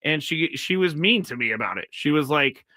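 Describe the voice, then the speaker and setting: In a casual live-stream monologue, a man hosting his own show tells a rambling story, correcting himself as he goes and reading viewer chat comments aloud. His voice is fairly high, animated, and sharp, at normal speed, with no echo.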